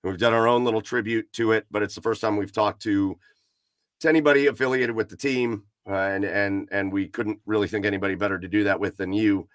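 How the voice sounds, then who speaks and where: A man's voice: fairly low pitch, fairly even intonation, brisk, no echo, clean studio sound. A man hosting a casual podcast, talking loosely with many fillers and easy laughs. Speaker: podcast host. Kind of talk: casual chat.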